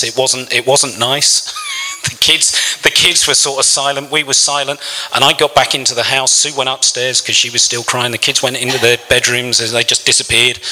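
A man's voice: medium pitch, bright, forceful tone, in a large hall, a little hiss or hum, low-quality recording. A man preaching a sermon, telling a personal story in an earnest, emotional way. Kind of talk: sermon testimony.

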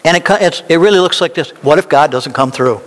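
A male pastor preaching a sermon, slow and emphatic, climbing into animated, insistent peaks when he drives a point home. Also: fairly high pitch. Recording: reverberant hall.

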